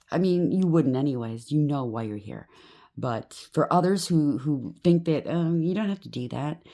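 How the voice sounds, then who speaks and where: A woman's voice: low-pitched, darkish tone. A woman giving a tarot reading to her viewers, talking straight to them and checking in with a repeated "okay?", now and then acting out what others might say. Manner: addresses viewer directly, frequent "okay?" check-ins; acts out quoted voices with sudden rises. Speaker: tarot reader.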